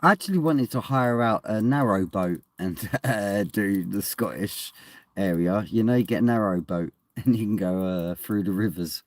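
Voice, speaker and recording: At home, a man from England rambles through his live stream, reading chat, laughing often and cursing occasionally. His voice is fairly low, his pace moderate, and there is no echo.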